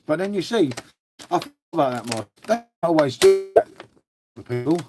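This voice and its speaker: A man's voice: on the high side, expressive, moderate pace, darkish tone, soft background music. Rambling English man chatting on a stream. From England. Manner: rambling, chatty, swears, reads chat aloud. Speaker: live streamer. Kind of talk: casual live-stream chat.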